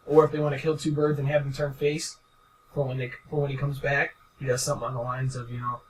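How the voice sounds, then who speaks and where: A man's voice: mid-range voice, quick pace. A young man co-hosting a casual podcast, rambling and swearing as he talks things through. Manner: rambling, profane, animated. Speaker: podcast co-host. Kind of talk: casual chat. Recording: distant mic with faint background noise.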